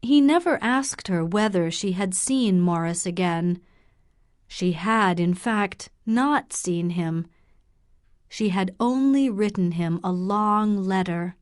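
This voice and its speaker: A woman narrating a graded English learner audiobook in a slow, clear, measured way. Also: medium pitch, no room sound, studio quality.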